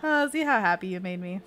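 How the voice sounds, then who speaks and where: A woman hosting a casual livestream as a freelance illustrator, reading viewer comments aloud in a chatty, playful way and laughing often. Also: mid-range voice.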